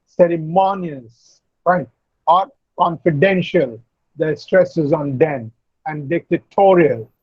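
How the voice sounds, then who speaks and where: A man lecturing an online class, explaining slowly, repeating and spelling out words. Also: a little high, breathy edge, no room sound, muffled recording. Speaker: university lecturer. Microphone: video call.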